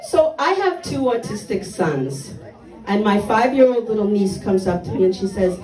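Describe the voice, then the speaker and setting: An older woman works a stand-up set with blunt, dark one-liners, her pitch swinging in a lively way. The sound is echoey, like a comedy club picked up from a distance. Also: moderate pace, some chatter behind.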